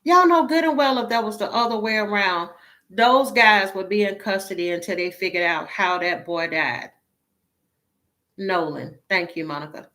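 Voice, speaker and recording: A woman's voice: medium pitch, normal speed, bright, forceful tone. A woman talking casually to her viewers as a tarot reader, sounding weary, exasperated and emotionally drained, blunt and swearing now and then.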